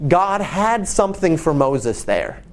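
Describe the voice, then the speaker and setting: A man's voice: fairly high pitch, very animated. Man retelling a Bible story. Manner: storytelling, with quick repeated words. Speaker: preacher. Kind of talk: conversational Bible teaching.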